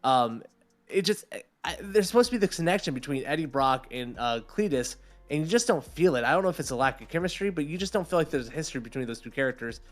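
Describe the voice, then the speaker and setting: A podcast co-host with a voice on the high side talks fast over faint background music. In casual chat he goes on an animated rant, swearing and acting out quotes.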